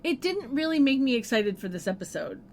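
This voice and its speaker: A woman's voice: fairly high pitch, very animated, brisk, slight background noise. A woman co-hosting a podcast in casual chat, agreeable and chatty, dropping in researched facts. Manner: agreeable, chatty, fact-sharing. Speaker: podcast co-host.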